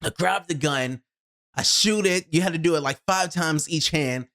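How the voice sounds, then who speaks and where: A video host telling a personal story in an expressive way, acting out their own reactions and swinging between loud outbursts and low asides, recorded in a home studio on a shotgun mic. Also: moderate pace.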